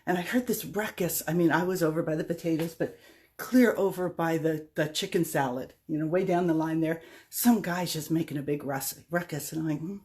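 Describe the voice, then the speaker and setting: A woman's voice: sits low, moderate pace, a little mellow. A middle-aged woman vlogging, telling a personal story in a chatty, rambling, self-deprecating way. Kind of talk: casual storytelling monologue.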